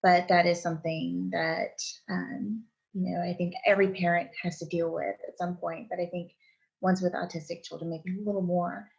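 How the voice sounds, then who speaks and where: A woman's voice: lowish voice, little pitch movement, moderate pace, creaky, a little mellow. A woman author answering interview questions over a video call, earnest and hesitant, with many ums. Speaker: author, guest. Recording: dull lo-fi video call audio.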